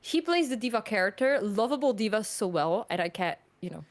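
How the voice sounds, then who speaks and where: A woman chatting casually on a podcast about films, animated and rambling, with lots of "like". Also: mid-range voice, brisk. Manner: animated, rambling, heavy use of "like".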